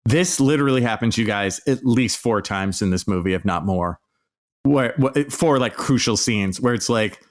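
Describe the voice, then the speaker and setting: A man's voice: lowish voice, moderate pace. A man hosting a podcast, delivering an exasperated, sarcastic solo rant with plenty of swearing. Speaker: podcast host.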